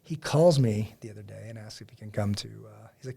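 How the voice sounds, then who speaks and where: Male podcast host with a gravelly, somewhat husky voice; animated, rambling chat. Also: fairly low pitch, a little fast, hardly any pauses. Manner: rambling, animated storyteller with many fillers. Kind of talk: casual faith podcast chat.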